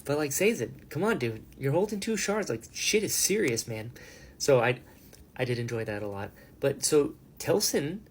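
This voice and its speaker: A man giving a casual, excited reaction recap of a fantasy novel, swearing freely and slipping into quick character voices. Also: mid-range voice. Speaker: book reviewer.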